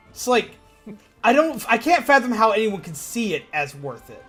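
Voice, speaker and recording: Streamer casting: young man, high voice, rambly, excitable. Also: normal speed, breathy edge, soft background music. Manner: rambling, animated, swears freely. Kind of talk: casual gaming commentary.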